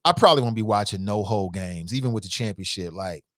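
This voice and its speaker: A man hosting a casual call-in talk show, reading out listener comments and reacting with emphatic, animated commentary and frequent repetition. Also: on the low side, quick pace, no room sound, studio quality. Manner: animated, emphatic, rises sharply when incredulous; conversational, repeats himself for emphasis.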